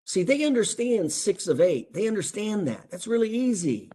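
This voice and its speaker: A man's voice: high voice, sing-song, moderate pace, warm tone, husky. A man coaching chiropractors, critiquing a recorded session in an emphatic way and asking rhetorical questions.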